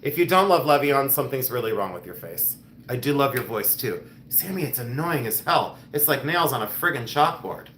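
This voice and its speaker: A man hosts a live jewelry sale in a casual, teasing way. His voice is bright and forward, and the room sounds echoey with a faint hiss behind him. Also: mid-range voice, a little fast. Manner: animated, joking, teasing. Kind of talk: casual live-stream chat.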